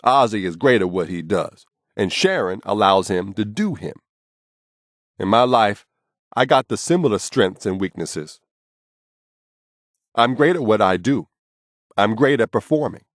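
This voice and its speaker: A man's voice: lowish voice, expressive, unhurried, long pauses, no echo, clean studio sound. A man narrating his own memoir as an audiobook, in a blunt, casual and profane storytelling manner.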